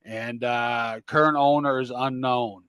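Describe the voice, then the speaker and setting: A man's voice: mid-range voice, steady tone, a little slow, a bit bright, smooth, dry recording. Easygoing older man sharing facts. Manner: easygoing, informative, agreeable. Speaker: podcast co-host. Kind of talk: casual chat.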